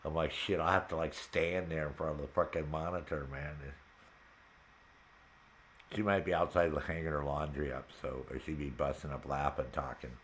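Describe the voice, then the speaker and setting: A man's voice: very deep voice, normal speed, a little hiss or hum. Guy on a gaming stream cussing up a storm and cracking himself up, loose chatty vibe. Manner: profane, animated retelling of his own frustration; laughs often. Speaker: gaming channel host. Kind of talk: casual chat while gaming.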